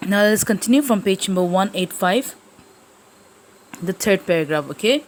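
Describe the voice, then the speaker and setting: A woman's voice: mid-range voice, expressive, normal speed, low-quality recording. A woman teacher explaining a play to her class, often checking in with the listeners and using fillers. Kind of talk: literature lesson explanation.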